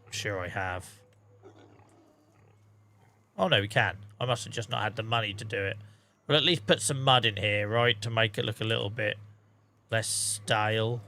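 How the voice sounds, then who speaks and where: A man from England with a Norfolk accent gives relaxed live-stream commentary while he plays. His voice has a bright, forward edge. He chats straight to his viewers, calling them guys and mate. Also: lowish voice, a little fast. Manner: chatty, talks to chat viewers, says mate. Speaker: game streamer.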